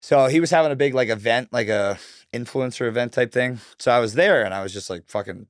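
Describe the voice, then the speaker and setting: Speaking briskly at medium pitch, this Northern Canadian podcast guest spins a casual story, relaxed and cursing constantly, with plenty of "like" fillers. The audio is studio quality with no echo.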